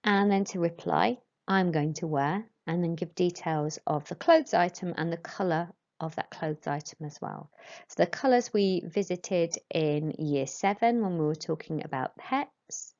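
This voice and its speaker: Woman, language teacher; slow, patient drilling, muffled recording. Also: low-pitched, a little mellow. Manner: slow, careful modelling of pronunciation for pupils. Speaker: French teacher. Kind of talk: recorded classroom lesson. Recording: dull lo-fi recording.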